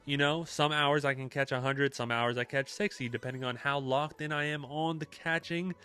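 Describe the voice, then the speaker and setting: A young man chatting casually with his live-stream chat, relaxed and talkative, with many fillers. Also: fairly high pitch, normal speed, clean tone.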